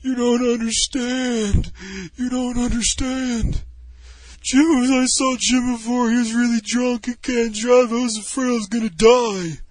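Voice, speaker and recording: A man putting on the voice of a drunk, crying young man who pleads in a whiny, drawn-out way. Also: very high-pitched, fairly even intonation, dry recording, pitched above the performer's own voice, poor audio. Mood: drunk, tearful.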